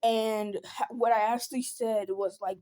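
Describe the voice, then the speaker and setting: Young woman vlogger, casual venting storytime, soft mellow voice, slightly high, rambling with fillers. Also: steady tone, measured pace. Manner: rambling, with many fillers and restarts.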